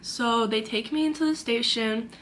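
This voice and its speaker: Young woman, bright and high, dramatic storytime delivery into a camera mic, faint hiss behind. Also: normal speed. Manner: chatty and dramatic, acts out quotes. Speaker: vlogger. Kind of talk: storytime vlog. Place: her own room.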